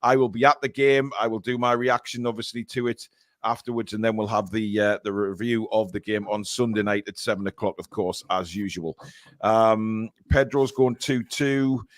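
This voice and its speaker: A man's voice: lowish voice, fairly even intonation, normal speed, no echo, studio quality. A man hosts a casual football fan podcast, giving blunt opinions and reading out viewer predictions. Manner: blunt, opinionated, reads viewer messages aloud. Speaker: podcast host.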